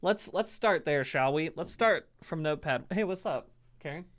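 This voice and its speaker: A man streaming live, chatting casually to his audience, animated and self-mocking, and often laughing. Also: fairly high pitch, moderate pace.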